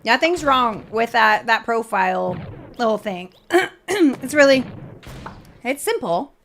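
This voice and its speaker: Chatty woman streamer, slightly high voice. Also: sing-song, slow pace, fairly bright tone, slight background noise. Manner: rambling, filler-heavy, chatty. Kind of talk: casual stream chat.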